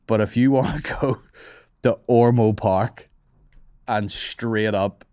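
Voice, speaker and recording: Sweary comedian, low dry voice. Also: male voice, no room sound. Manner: sweary, rambling, laughs at own jokes. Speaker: comedian podcast host. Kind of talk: casual comedic monologue.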